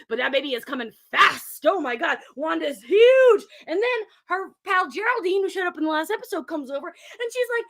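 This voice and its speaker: A woman with a very high, piercing voice races through a playful recap. Her tone is bright and sharp, and she keeps dropping into exaggerated character voices. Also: big pitch swings, fairly quick, few pauses. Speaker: podcast co-host. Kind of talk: animated episode recap with silly character voices.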